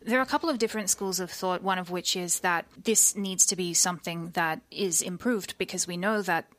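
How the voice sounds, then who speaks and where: A woman co-hosting a podcast, framing long and measured questions. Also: on the low side, a bit bright. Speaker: podcast co-host. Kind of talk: casual podcast interview.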